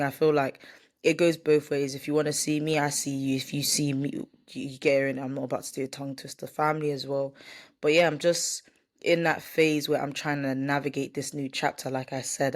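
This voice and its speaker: A woman's voice: low-pitched, a little mellow. A woman talking candidly to camera in a casual vlog, rambling and correcting herself, sometimes reading from a script. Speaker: vlogger. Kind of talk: casual vlog chat, partly read from a script.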